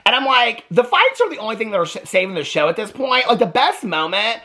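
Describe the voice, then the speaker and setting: Exasperated and blunt, a man delivers casual TV recap commentary at a quick pace as a vlogger. His bright, bouncy voice swings widely in pitch as he rants.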